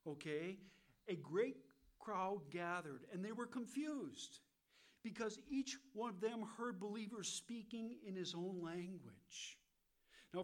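An American man teaching verse by verse from the Bible, asking his listeners questions and answering them himself, with frequent "okay?" checks. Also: sits high. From United States. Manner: keeps checking in with "okay?" and "all right?".

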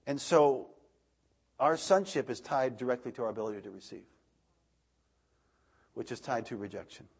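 A man in his thirties preaching a sermon, animated, swinging between loud outbursts and soft asides. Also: medium pitch, moderate pace, gravelly, pauses often, husky.

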